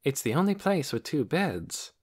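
A man's voice: on the high side, very animated, moderate pace, voice pushed up. A man voicing a flustered, absent-minded woman doctor in an audiobook, hesitant and trailing off. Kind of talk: audiobook character voice.

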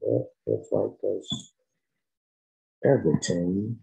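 A man's voice: fairly low pitch, fairly even intonation, slow, vocal fry, loud music behind the voice, low-quality recording. A man giving laid-back, slangy reaction commentary on a song. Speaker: music reaction host.

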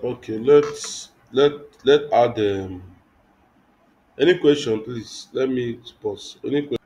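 A man's voice: mid-range voice, takes it slowly, dark tone, poor audio. A young man teaching web design in a live online class, thinking aloud with many restarts and fillers. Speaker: web development instructor.

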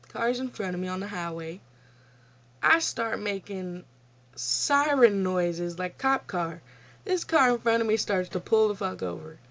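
Blunt, laughing young woman on lo-fi audio. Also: medium pitch. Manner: blunt, profane, laughing at her own stories. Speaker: vlogger. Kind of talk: casual storytelling Q&A. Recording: dull lo-fi home recording.

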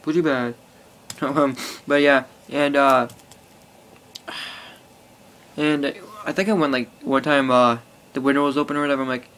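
A man's voice: medium pitch, little pitch movement, moderate pace, long pauses, a bit bright, a little hiss or hum. A teenage boy rambling casually to an iPod camera, full of fillers and swearing. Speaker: vlogger. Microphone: phone or iPod held close.

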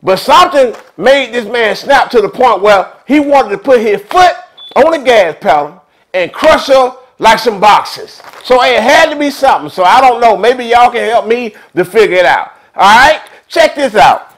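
High-voiced animated man. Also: normal speed, rough recording. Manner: animated, chatty, streetwise. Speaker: vlog host. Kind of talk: casual storytelling commentary.

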